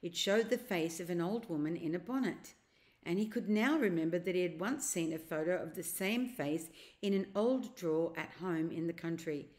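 A woman reading a children's novel aloud, narrating in a steady, expressive way. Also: lowish voice, normal speed. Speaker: storyteller.

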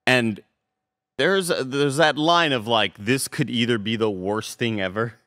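A man's voice: mid-range voice, measured pace, a bit bright, dry recording, clean studio sound. A man co-hosting a casual movie review podcast, rambling in a laid-back way and swearing casually. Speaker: podcast co-host.

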